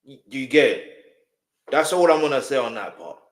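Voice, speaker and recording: A man's voice: medium pitch, lively intonation, normal speed. A man hosting a reaction video, commenting emphatically and repeating his points to viewers. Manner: emphatic, repeats himself, speaks straight to viewers. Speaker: reaction host. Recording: roomy echo.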